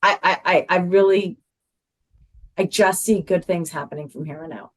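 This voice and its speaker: A woman's voice: on the low side, moderate pace. A middle-aged woman speaking earnestly as a podcast guest, repeating herself as she searches for words. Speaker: guest, mother. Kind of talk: heartfelt podcast interview.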